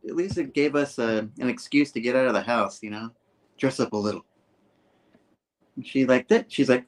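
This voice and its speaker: A man's voice: lowish voice, steady tone, normal speed. A man casually retelling a comic book scene by scene, acting out the characters' lines in loose voices. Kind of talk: casual chat.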